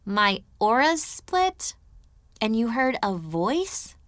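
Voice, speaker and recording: A woman's voice: mid-range voice, lively intonation, a little slow, fairly bright tone, no echo, voice pushed up. A woman narrating an audiobook, voicing a drowsy, skeptical young woman with a wry manner. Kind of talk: audiobook character voice.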